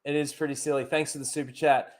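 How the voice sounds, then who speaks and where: A man with a high voice hosts a casual live-stream talk show. He is animated and often trips over repeated words before getting his point out. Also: fast talker. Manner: animated, repeats words when starting a thought. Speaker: podcast host.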